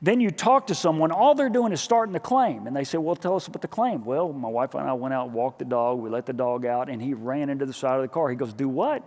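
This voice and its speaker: Animated preaching man in a reverberant church. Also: mid-range voice, quick pace, hardly any pauses. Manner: animated storytelling, acting out dialogue in his own voice. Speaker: pastor. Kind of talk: sermon. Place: church sanctuary. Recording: church hall with long reverb.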